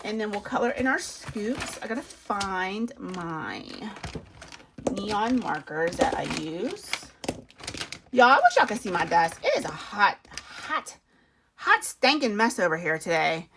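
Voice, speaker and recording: A woman's voice: mid-range voice, big pitch swings, a little slow, background noise. A woman, chatting casually to viewers as she works through a savings challenge, laughing at herself as she goes. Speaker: budgeting video host.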